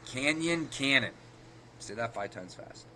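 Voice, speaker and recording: A man's voice: mid-range voice, animated, a little slow, bright, forceful tone, slight background noise. A man co-hosting a card game podcast, walking through the math of card plays step by step and correcting himself as he goes. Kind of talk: casual explanatory chat.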